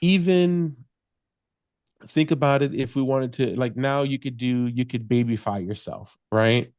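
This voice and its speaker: A man's voice: mid-range voice, a little slow, darkish tone, no echo, clean studio sound. Male tech guest explaining step by step. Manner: explains step by step, laughs easily. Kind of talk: casual podcast chat.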